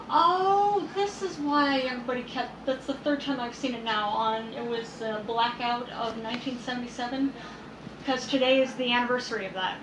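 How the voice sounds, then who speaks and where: A woman's voice: a little high, moderate pace, echoey room, noisy background. A woman chatting casually at home, reading out news bits with lots of fillers and restarts. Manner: chatty, reads news aloud with many fillers. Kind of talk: casual chat. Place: at home, indoors.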